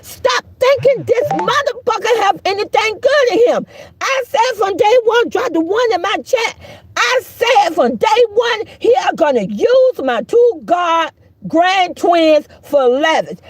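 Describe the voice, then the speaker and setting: Middle-aged woman, very high voice, lively swooping pitch, fiery profane live-stream rant. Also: measured pace, no room sound. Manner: fiery, profane, preachy, mocking. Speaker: commentary streamer. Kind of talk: heated live-stream commentary.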